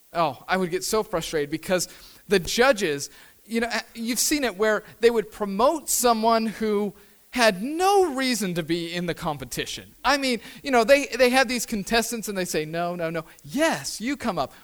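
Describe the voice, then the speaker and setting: High-voiced man preaching with emphatic repetition. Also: lively intonation, a little slow. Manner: emphatic, repeats key phrases, shifts from hushed to loud. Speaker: pastor. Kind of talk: sermon.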